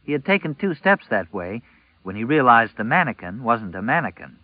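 A man narrating a novel as an audiobook, in a measured, even storytelling manner. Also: mid-range voice, no room sound, dull audio.

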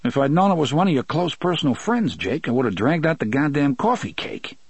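A man voicing a sleepy, sarcastic young man who talks quickly. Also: fairly high pitch, animated, slightly rough, no echo, voice pushed up.

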